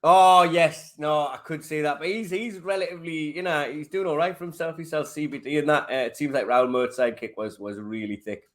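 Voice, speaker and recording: A man's voice: a little high, a little fast, hardly any pauses, fairly bright tone. A man with a Geordie accent, a stand-up comedian guesting on a podcast and chatting with self-deprecating humour. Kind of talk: casual podcast chat.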